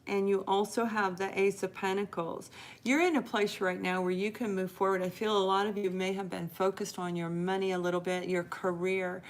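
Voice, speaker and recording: A middle-aged woman hosts a live tarot reading, her voice sitting at an ordinary middle pitch. She speaks earnestly and warmly encouraging, addressing viewers directly and leaning on key words by drawing them out. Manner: earnest, encouraging, talks straight to viewers with drawn-out emphasis. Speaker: tarot reader and host.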